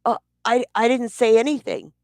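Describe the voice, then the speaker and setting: A woman's voice: a little high, steady tone, normal speed, darkish tone, no echo, clean studio sound, voice pushed up, lightly acted. A woman imitating her male partner as an evasive man who stammers and hedges defensively.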